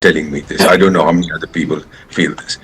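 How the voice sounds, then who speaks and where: A man's voice: rumbling low, steady tone, rapid-fire, fairly bright tone, slightly rough, rough recording. An older man with an Indian accent, a former ambassador speaking as a guest in a live news interview, angry and impassioned, slipping Hindi phrases into his English.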